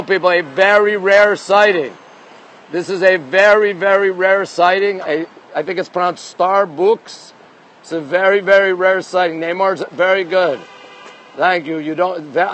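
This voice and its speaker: A middle-aged man from Montreal chatting casually on a live stream outdoors on city streets, reading out viewer comments, greeting people, and often repeating himself. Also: fairly high pitch. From Montreal, Canada.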